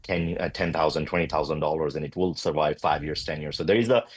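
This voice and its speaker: A man guest on a tech talk show, explaining his company's view on robots in quick, filler-laced answers. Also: a bass voice, no room sound. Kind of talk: interview answers.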